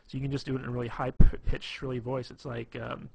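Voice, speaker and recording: A man's voice: medium pitch, level tone, quick pace, creaky, hardly any pauses, husky, no room sound, highs cut off. A man giving casual, rambling advice on being funny, full of fillers and restarts. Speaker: dating advice presenter. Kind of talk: casual instructional talk.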